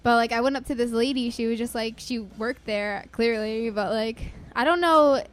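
A woman's voice: on the high side, normal speed. A young woman talking casually and reading her poem, rambling with many "like" fillers. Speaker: guest poet. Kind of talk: casual chat and poem recital. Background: faint jazz music.

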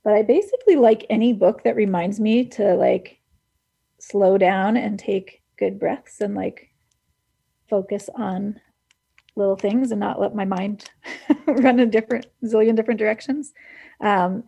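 Husky, gravelly-voiced woman radio host. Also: mid-range voice, normal speed, warm tone. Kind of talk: casual book chat on radio.

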